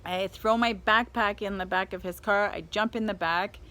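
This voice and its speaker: Lady telling a travel story, keeps laughing, acts out the people she talks about, mid pitch. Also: steady tone, moderate pace, bright, forceful tone. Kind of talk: personal travel story told to an audience.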